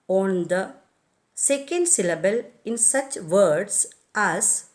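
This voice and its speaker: A woman's voice: medium pitch, animated, slow pace. A woman teacher with an Indian English accent, giving a scripted lecture on English word stress and carefully reading out list after list of example words.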